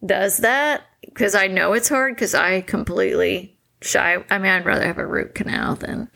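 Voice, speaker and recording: A woman's voice: mid-range voice, animated, moderate pace, vocal fry, sharp tone. A woman in her forties co-hosting a couple's podcast, candid and laughing often as she acts out quotes in casual chat. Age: 40s. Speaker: podcast co-host.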